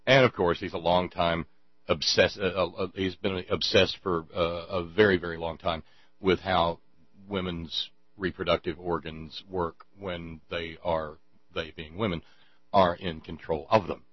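A man's voice: sits low, fairly even intonation, a little slow, dry recording, highs cut off. A man hosting a show, rambling sarcastically in casual commentary, stumbling over restarts.

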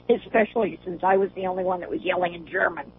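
A woman's voice: fairly low pitch, a little hiss or hum. Older woman laughing on a tinny phone line. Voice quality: laughs often while talking. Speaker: caller. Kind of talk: casual phone chat.

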